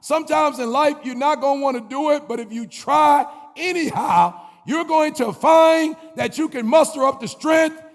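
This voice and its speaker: A man giving a rousing commencement speech as a motivational speaker, preaching with call-and-response chants. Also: extremely high pitch. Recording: long hall reverb, faint music.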